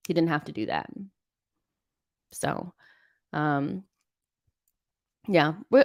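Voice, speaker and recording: A young woman hosts a live football watchalong, reacting in exasperation and reading viewer messages aloud. Her voice sits fairly low. The sound is close and dry. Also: lively intonation, extremely slow, gravelly, pauses often, dry recording. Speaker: host of a football watchalong stream. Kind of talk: live watchalong commentary and chat.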